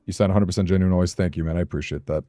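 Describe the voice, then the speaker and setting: A young man chatting casually while streaming a game, talking to his chat, self-conscious and quick to laugh. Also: low-pitched, steady tone, mellow, dry recording, clean studio sound.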